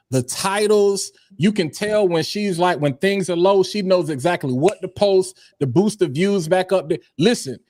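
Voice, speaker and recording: A man's voice: sits high, no room sound, clean studio sound. A man on a business panel, talking in a blunt, slangy, opinionated way. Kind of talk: casual panel discussion.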